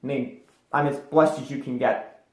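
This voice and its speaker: A man's voice: mid-range voice, fairly even intonation, normal speed, darkish tone, reverberant. A man telling a personal story as an interview guest, rambling with many fillers and restarts.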